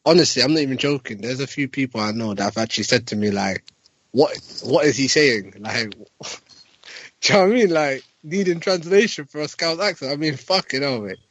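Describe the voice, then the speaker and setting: A man's voice: medium pitch, quick pace, fairly bright tone, no room sound. A man chatting bluntly about boxing on a podcast, often trailing off with "like" and "man". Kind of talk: casual boxing chat. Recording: dull lo-fi sound, dry.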